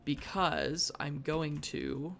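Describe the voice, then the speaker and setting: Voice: medium pitch, fairly even intonation, drawn-out words, gravelly, a bit bright, slight background noise. A streamer thinking aloud through live gameplay, with mock-dramatic bursts of frustration. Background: faint background music.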